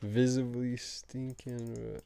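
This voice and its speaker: A man's voice: mid-range voice, little pitch movement, slow, vocal fry, dark tone, slight background noise. A young man from Canada, playing a game and chatting in a laid-back way with a friend, often laughing and saying "bro". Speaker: gamer. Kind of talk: casual banter while gaming.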